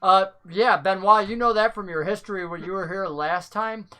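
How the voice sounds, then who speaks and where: A woman's voice: medium pitch, normal speed, bright, forceful tone, smooth. A woman narrating a tabletop game as game master, chatty and loose with fillers. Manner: chatty, filler-heavy description.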